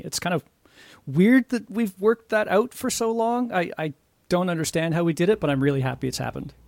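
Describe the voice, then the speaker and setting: A man from Canada chatting casually as a guest on a podcast, earnest and quick to laugh. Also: fairly high pitch, no echo.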